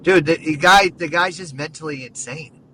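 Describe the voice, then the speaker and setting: A man hosting a casual sports podcast, talking in an excited, rambling way full of "dude" and "like.". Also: a little high, normal speed, recorded from a distance, slight background noise, rough recording. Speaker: podcast host.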